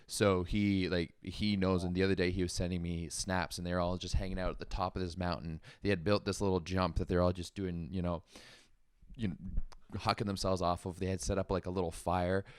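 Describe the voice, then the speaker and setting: A man's voice: low voice, brisk, clear, resonant tone, dry recording. Rambling young man, dry close sound. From Canada. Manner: rambling, filler-heavy, animated. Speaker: podcast host. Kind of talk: casual podcast chat.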